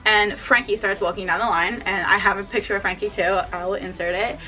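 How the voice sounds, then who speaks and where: A young woman vlogger telling an excited story at home, gushing and saying "like" constantly. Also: mid-range voice, brisk, faint music behind. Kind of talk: casual story time.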